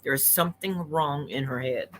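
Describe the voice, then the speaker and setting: A woman's voice: very deep voice, normal speed, slight background noise. A woman giving blunt, indignant livestream commentary from home late at night, repeating herself for emphasis. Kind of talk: opinionated commentary rant.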